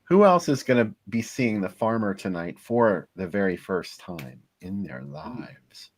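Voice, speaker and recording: A man's voice: lowish voice, lively intonation, a little slow. A man co-hosting a show, chatting casually and easygoing, laughing often. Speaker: co-host. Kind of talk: casual chat.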